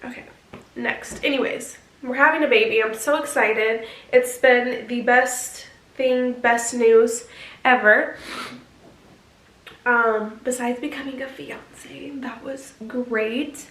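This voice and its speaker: A woman with a fairly high voice chats to her viewers in a bubbly, gushing way, easily getting emotional as she talks. The sound has a roomy echo around it. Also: fairly even intonation, takes it slowly, fairly bright tone. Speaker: vlogger. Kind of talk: casual chat to camera.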